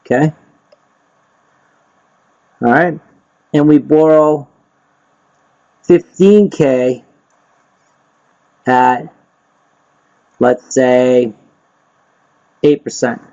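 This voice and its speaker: A man's voice: medium pitch, fairly even intonation, very slow, pauses often, dark tone. A man leading a live lesson on loan interest, quizzing his group and tagging "right?" onto his points. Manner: quizzes the group, repeats himself, frequent "right?" and "okay?". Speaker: real estate investing instructor. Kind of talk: live teaching session. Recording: dull lo-fi sound.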